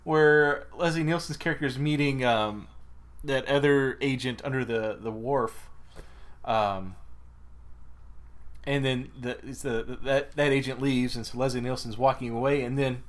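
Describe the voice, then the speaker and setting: A man's voice: mid-range voice, fairly even intonation, measured pace. A man co-hosting a podcast in casual chat, rambling with frequent laughs. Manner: rambling, many fillers and restarts, laughs while talking. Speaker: podcast co-host.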